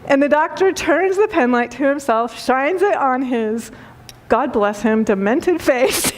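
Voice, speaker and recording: A woman spiritual teacher giving a talk and telling a story, speaking gently with repeated phrases and frequent laughter. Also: sits high, measured pace. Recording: long hall reverb.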